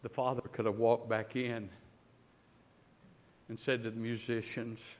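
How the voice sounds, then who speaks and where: Speaking a bit slowly with frequent pauses, a male pastor preaches at medium pitch in a level tone. His sermon alternates loud, emphatic build-ups with hushed, intimate moments, and he tends to repeat words as he builds.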